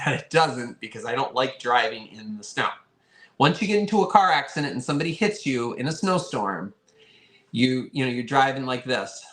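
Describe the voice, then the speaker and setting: A man's voice: mid-range voice, fairly bright tone. A man hosting a live online vintage sale, chatting casually and thanking his viewers often. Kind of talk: casual live-stream chat.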